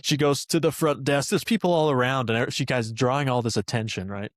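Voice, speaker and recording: This podcast host speaks briskly in a mid-range voice, sharing a personal story earnestly and conversationally, with plenty of fillers. The sound is clean studio audio with no room sound.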